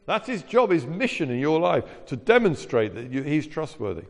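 A man preaching a sermon in a lively, conversational way with wry asides. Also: on the high side, moderate pace, creaky. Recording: long reverb of a church hall.

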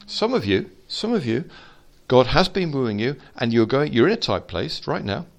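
A man preaching an informal sermon to a small fellowship, swinging from quiet asides to loud exhortation. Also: mid-range voice, big pitch swings, moderate pace, vocal fry.

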